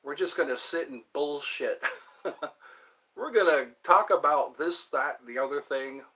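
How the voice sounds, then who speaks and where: A man's voice: a little high, animated, measured pace, pushed and bright. A man hosting a casual livestream chat, rambling and thinking aloud as he digresses from one topic to the next. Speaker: host.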